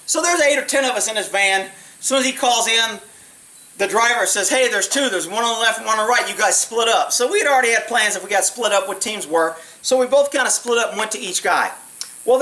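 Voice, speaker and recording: Male ex-cop storyteller: bright, sharp tone, blunt and profane, plays out the dialogue himself. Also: high voice, low-quality recording. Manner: blunt, profane, animated retelling with acted quotes. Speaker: former police officer telling stories. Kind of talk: casual storytelling monologue.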